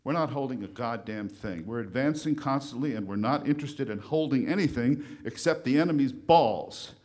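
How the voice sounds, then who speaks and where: A man reciting the speech of a gruff, profane army general rallying his troops, booming and blustering as he declaims it. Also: animated, moderate pace, darkish tone, lightly acted. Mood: fierce, rousing. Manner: booming, blustering and crude, barking orders.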